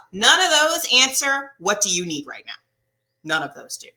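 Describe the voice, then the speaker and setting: A woman couples therapist explaining in a casual, animated way, often asking "right?" and acting out what people say. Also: fairly low pitch, moderate pace. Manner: animated, acts out quotes, often asks "right?".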